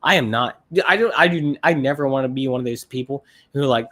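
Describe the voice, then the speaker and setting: A man's voice: medium pitch, fast talker, few pauses, sharp tone. A man hosting a livestream, chatting casually with viewers in a rambling, blunt, profane way and often repeating himself. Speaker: livestream host. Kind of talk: casual chat to live viewers.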